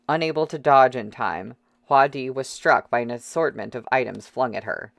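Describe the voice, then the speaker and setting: An audiobook reader narrating a novel in a measured, steady way. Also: medium pitch, creaky, no echo.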